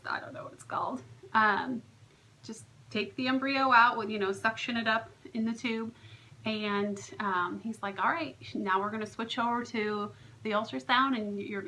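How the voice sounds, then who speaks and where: A young woman recounts her day in a relaxed vlog, full of ums and likes. Her voice is bright and lively, and she slips into quoted lines of dialogue. A faint hiss of background noise sits under the recording. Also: mid-range voice, low-quality recording. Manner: chatty storytelling with many fillers, lively quoted dialogue. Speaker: vlogger, surrogate. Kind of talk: casual vlog recap.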